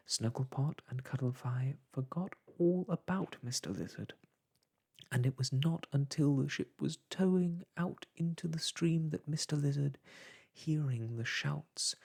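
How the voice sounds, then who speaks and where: A storyteller softly whispering an old children's book aloud, in a whispered role-play. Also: mid-range voice, measured pace, vocal fry, breathy edge.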